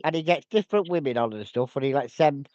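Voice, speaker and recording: A man's voice: mid-range voice, animated, quick pace, darkish tone, no echo, highs cut off. A man in a casual chat, retelling a story he saw.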